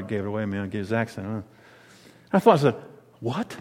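A man preaching a sermon, swinging between quiet, low asides and loud, emphatic declarations. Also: sing-song, fast talker, long pauses, long reverb tail.

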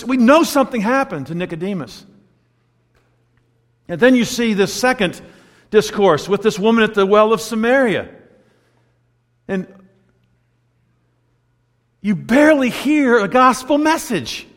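Animated male preacher in a hall. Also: high voice. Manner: animated storytelling, acting out quoted voices. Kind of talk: sermon.

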